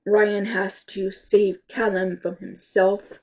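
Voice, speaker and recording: A woman reviewing books in a casual, rambling chat, halting often and sounding congested from allergies. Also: medium pitch, level tone, dark tone, rough recording. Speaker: book reviewer.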